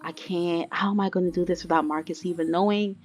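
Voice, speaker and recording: A woman voicing an anxious, secretive young pregnant woman who talks in hesitant, halting bursts, as she voices characters in a game let's play. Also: on the low side, steady tone, pitched below the performer's own voice, lightly acted. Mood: worried.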